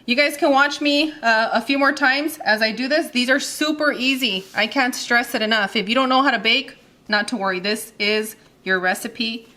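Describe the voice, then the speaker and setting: A cheerful woman in her thirties hosts a cooking video from her home kitchen. Her voice is bright and forward. She talks casually, laughs easily and counts out loud while she works. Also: fairly high pitch, moderate pace. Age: 30s. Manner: chatty and giggly, counts aloud while working. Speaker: cooking channel host.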